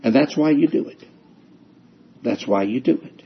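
A man's voice: medium pitch, moderate pace, slightly rough, dull audio. A man preaching a sermon with emphasis, repeating his key phrases and acting out people's excuses.

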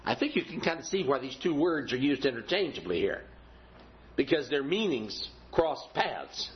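A middle-aged man preaching a sermon, repeating key phrases slowly for emphasis. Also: fairly high pitch. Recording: dull lo-fi recording.

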